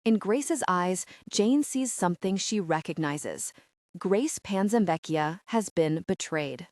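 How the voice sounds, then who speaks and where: Woman narrator, lively expressive delivery, dry close studio sound, scripted audiobook reading. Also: on the low side, slow, dry recording. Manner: expressive, varied character reading.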